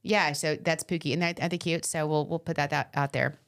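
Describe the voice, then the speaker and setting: A middle-aged woman with a Long Island accent, co-hosting a podcast in casual chat and telling stories with lively quoted voices. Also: deep voice, brisk, smooth. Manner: chatty, animated storyteller, jumps into quoted voices. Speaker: podcast co-host.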